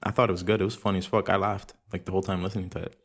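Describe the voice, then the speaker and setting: Laid-back young man with a low voice. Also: little pitch movement, rapid-fire. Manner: rambling, profane, laid-back slang. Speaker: podcast host. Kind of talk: casual solo podcast chat. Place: room at home with audible room echo.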